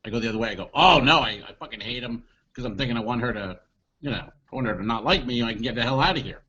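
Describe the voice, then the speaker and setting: A man co-hosting a comedy podcast, telling an animated anecdote and acting out what people said. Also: medium pitch, racing, husky, highs cut off. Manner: animated anecdote teller, acts out quotes, swears. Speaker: podcast co-host. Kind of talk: comedic storytelling chat.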